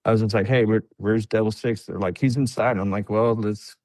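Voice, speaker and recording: A veteran guest on a podcast tells a long war story in casual conversation, his voice brisk and the recording dry. He's an animated storyteller, acting out other people's quotes by raising his voice higher.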